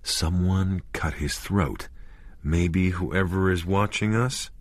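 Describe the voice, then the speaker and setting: A man voicing a grim, controlled husband in shock, speaking quietly and in clipped phrases, in an audiobook reading. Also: low-pitched, takes it slowly, dry recording. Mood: tense.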